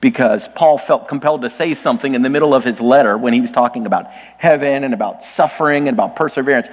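Speaking quickly at a medium pitch, a male pastor delivers a sermon in a church sanctuary, chatting with light humor and frequently turning straight to the congregation. The sound is big and roomy, with the highs cut off.

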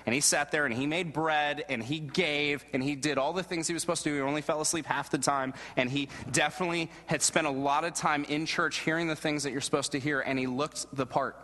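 A man preaching a sermon and telling a personal story in an earnest way, going low and soft at the moving parts. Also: steady tone, fairly quick, few pauses. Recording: long reverb of a large hall.

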